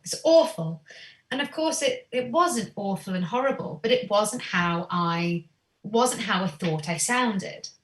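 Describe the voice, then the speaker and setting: A woman's voice: mid-range voice, reverberant, far from the mic. A woman singer and singing teacher, a podcast guest, talking in a thoughtful, earnest way about her voice and growing up. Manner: earnest, thoughtful, animated when quoting herself. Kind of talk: reflective interview chat.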